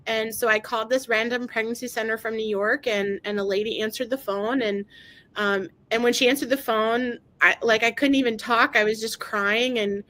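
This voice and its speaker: A woman with a fairly high voice recounts a painful personal experience in an interview. She speaks haltingly, stopping and restarting often, and fills her pauses with "you know" and "like.". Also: fairly even intonation, fairly bright tone, rough recording. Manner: halting, with many fillers and restarts. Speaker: guest sharing her story. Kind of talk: emotional personal testimony. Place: lives in Maryland.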